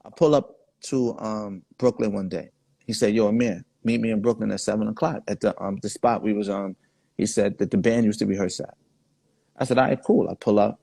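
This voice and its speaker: A man's voice: fairly low pitch, fairly even intonation, fairly quick, vocal fry, dark tone, no echo. A man, the guest in a casual interview, telling laid-back stories full of quoted dialogue. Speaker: guest artist.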